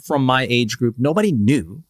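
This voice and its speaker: A man's voice: medium pitch, lively intonation, normal speed, dry recording, clean studio sound. A man from Northern Virginia, a podcast guest in casual conversation, rambling, laughing often and acting out quoted voices.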